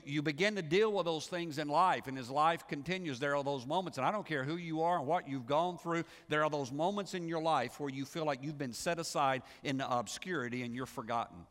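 Male pastor, fairly high voice, talky sermon full of restarts and questions. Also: fairly bright tone, in a large hall. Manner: conversational preaching with frequent restarts and rhetorical questions.

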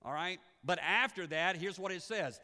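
A man preaching a sermon as pastor, animated and repeating words as he builds each point. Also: sits high, moderate pace. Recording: long hall reverb.

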